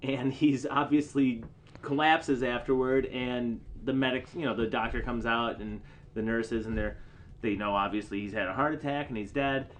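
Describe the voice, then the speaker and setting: A man's voice: mid-range voice, steady tone, moderate pace. A man in casual podcast chat, voicing strong opinions bluntly and swearing without hesitation. A faint hiss of background noise sits under his voice. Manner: opinionated, outspoken, swears freely. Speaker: podcast co-host.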